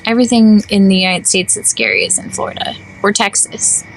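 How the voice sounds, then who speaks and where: A young woman co-hosting a podcast in casual chat, animated and playfully dramatic. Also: mid-range voice, a little fast, vocal fry, rough recording. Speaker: podcast co-host.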